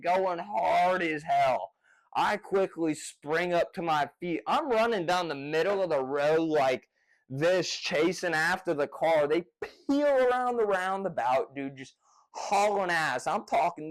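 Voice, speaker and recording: A man casually retelling a personal story in a rambling, profane, excitable way. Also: fairly high pitch, rough recording.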